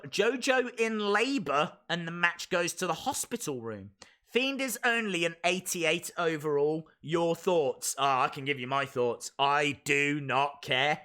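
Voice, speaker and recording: A man hosts a live wrestling reaction stream on a desk microphone, chatting with viewers, reading out chat messages, and ranting in mock outrage. His fairly high voice is animated, unhurried, bright, and forceful.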